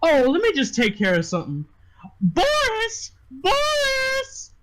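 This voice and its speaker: A man voicing a pushy woman who owns a brothel, with a shrill high voice. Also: wildly swooping pitch, takes it slowly, heavy background noise, full character voice.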